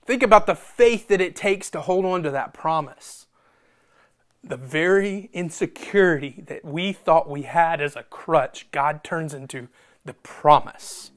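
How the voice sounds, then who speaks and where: A preacher delivering a sermon, reading scripture and explaining it, often repeating phrases for emphasis and swinging between loud, emphatic bursts and hushed, near-whispered lines. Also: mid-range voice, unhurried. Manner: reads scripture aloud with commentary.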